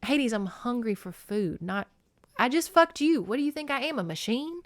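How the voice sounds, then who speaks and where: A woman voicing Persephone, a blunt, cheeky young goddess, in a shrill, exasperated way. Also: animated, moderate pace, dry recording, clean studio sound, close to an everyday voice. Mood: teasing.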